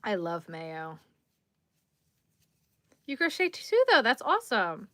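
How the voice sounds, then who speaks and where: Tired woman streamer, bright tone, dry close sound, easygoing chat while crocheting. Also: medium pitch, very animated, slow, dry recording. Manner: chatty, easygoing, responds to viewers while crocheting. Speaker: crochet livestreamer. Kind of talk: casual livestream chat, reading chat comments.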